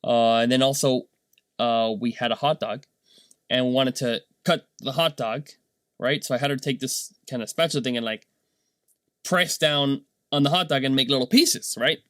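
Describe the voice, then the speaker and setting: A man, a dad, telling a casual motivational story in a rambling, animated way, tagging his points with "right?". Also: medium pitch, moderate pace, no room sound. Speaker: vlogger and dad.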